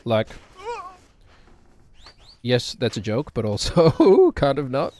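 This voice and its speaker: Streamer dude rambling on, laughs a lot, mid-pitched, goofs on himself. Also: male voice, wildly swooping pitch, slow, warm tone, a little hiss or hum. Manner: rambling, self-mocking, laughs often. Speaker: game streamer. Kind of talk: casual live-stream chat.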